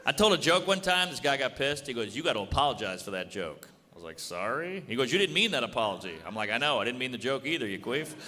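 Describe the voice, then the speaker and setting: A man doing a stand-up routine on a club stage, delivering blunt, deadpan jokes and acting out quick bits of dialogue. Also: medium pitch. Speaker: stand-up comedian. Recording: live club with audience noise and reverb. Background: laughing audience.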